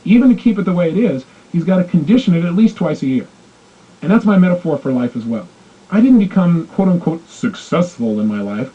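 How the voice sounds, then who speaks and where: A man with a high, swooping voice races through a self-help talk and acts out each exchange. His tone is husky and mellow, and the tape sounds dull and lo-fi. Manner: animated storytelling, acting out quoted dialogue. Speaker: motivational coach.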